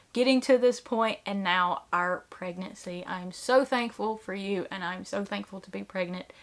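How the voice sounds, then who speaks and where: A woman's voice: medium pitch, fairly bright tone. A woman in her thirties talking casually to camera as a vlogger, earnest and chatty, with lots of "like" fillers.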